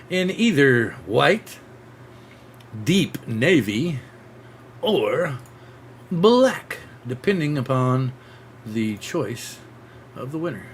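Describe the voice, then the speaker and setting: A man hosting a casual live-streamed drone show, excitable and rambling, full of restarts and acted-out sound effects. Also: mid-range voice, creaky, a little hiss or hum.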